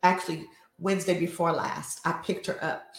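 An older woman, a host and life coach, leads a faith talk show, preaching and storytelling conversationally. Her voice is low-leaning, level, and creaky at a normal speed, and the recording has a roomy echo.

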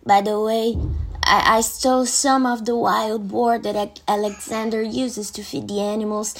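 A man voicing a kindly, motherly older farm hostess in a breathy raised voice, fussing and confiding as she talks. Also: high voice, level tone, moderate pace, fairly bright tone, a little hiss or hum, pitched above the performer's own voice, low-quality recording. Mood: chatty.

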